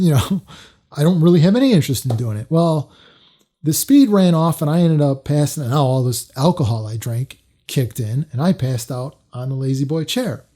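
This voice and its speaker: A storytelling vlogger with a warm, fairly high voice tells a personal story to camera. He keeps it loose and casual, full of fillers and restarts.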